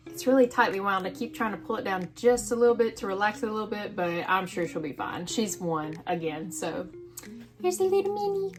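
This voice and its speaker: Gushing young woman vlogger, faint music. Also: mid-range voice. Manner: excitable, gushing, chatty with frequent exclamations. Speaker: crochet vlogger. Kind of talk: casual vlog chat.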